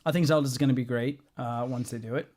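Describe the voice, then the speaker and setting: A man's voice: medium pitch, fairly even intonation, quick pace, a little mellow. A man hosting a casual comics podcast, explaining his points firmly with many ums and uhs. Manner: assertive, explains at length with fillers. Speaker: podcast host. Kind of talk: casual chat.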